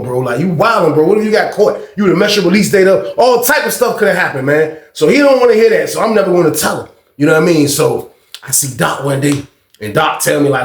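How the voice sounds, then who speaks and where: A man's voice: fairly high pitch, animated, quick pace, roomy sound. A man in his thirties casually telling a story, full of slang and "like" and "man". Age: 30s.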